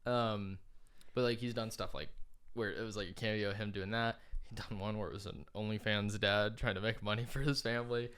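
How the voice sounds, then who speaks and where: A man's voice: lowish voice, steady tone, a little fast, a bit bright, smooth. A man co-hosting a podcast in casual chat, rambling with many fillers and frequent laughs. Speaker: podcast co-host.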